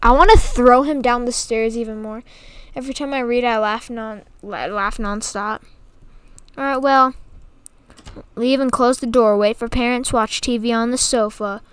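A woman's voice: a little high, fairly even intonation, moderate pace, fairly bright tone, clear, resonant tone, no room sound. A woman giving casual gameplay commentary, giggling, exclaiming and teasing the game's characters. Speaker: gaming YouTuber.

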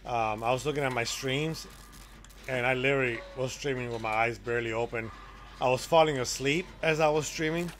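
A man live-streaming a game, chatting casually with his viewers and reacting loudly to the action. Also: medium pitch, a little fast.

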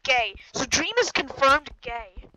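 Woman gamer, high and bright, hyper, jokey play-by-play commentary. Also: slow pace, a little hiss or hum, poor audio. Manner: excitable, jokey, yells at the game. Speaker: gaming YouTuber. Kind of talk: live gameplay commentary.

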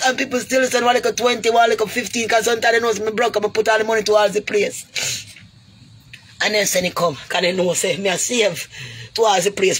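A husky, mid-range female voice with a Jamaican accent. She speaks directly to camera in an emotional vlog, pleading and preaching in heavy creole grammar and addressing viewers as "goody."

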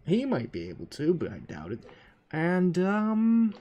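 A man's voice: sits high, wildly swooping pitch, measured pace, highs cut off. A man giving casual, profane commentary while playing a strategy game, thinking aloud with dry asides. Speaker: gaming commentator. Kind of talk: casual let's-play commentary.

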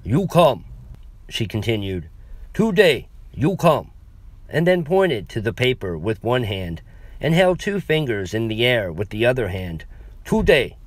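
A man's voice: sing-song, a little slow, no echo. A man voicing an old foreign woman who speaks broken English with a thick accent. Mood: plain. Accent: thick foreign accent, put on. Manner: clipped broken phrases, higher pitch.

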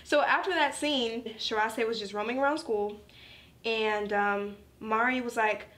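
Brief: chatty woman doing an anime review, slangy and animated, slightly high voice. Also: measured pace. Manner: animated, slangy, laughing asides. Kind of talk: casual review chat.

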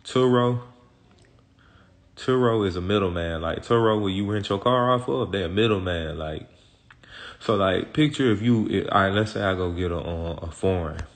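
A man with a fairly low voice holds forth as an interview guest. He talks in loose street slang, rambling from point to point, cursing freely and checking in with the listener over and over. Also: normal speed. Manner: rambling, slang-heavy and profane, constant "you feel me". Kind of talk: casual street talk.

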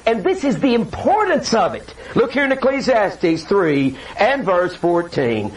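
An older man preaching a sermon with animated delivery, acting out scripture quotes and personal stories. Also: high-pitched, measured pace. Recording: distant mic with faint hiss.

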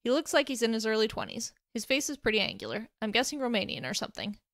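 A woman's voice: mid-range voice, fast, fairly bright tone, dry recording, studio quality, close to an everyday voice. A woman voicing a bubbly, chipper teenage girl hero who likes to tease. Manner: chipper and teasing.

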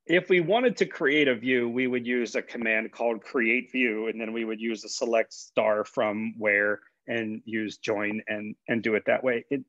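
A man's voice: medium pitch, fairly bright tone, dry recording. A man, a college instructor, giving a conversational classroom lecture with fillers and repeated words. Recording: dull, dry lecture recording.

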